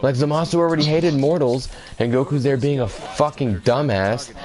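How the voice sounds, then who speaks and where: A man's voice: medium pitch, normal speed, a little mellow. A young man chatting casually about games and anime, laughing a lot and swearing offhandedly. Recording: background noise.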